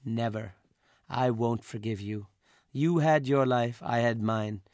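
A man's voice: mid-range voice, slow, darkish tone, no room sound, studio quality. A man reading a story aloud, voicing a wounded electrician who speaks harshly and refuses to forgive. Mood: bitter. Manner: formal, then harsh and unforgiving. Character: wounded proud male electrician, bitter.

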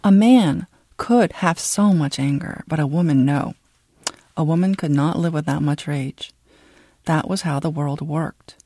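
A deep-voiced woman narrates a novel aloud for an audiobook, telling the story in a steady, measured way.

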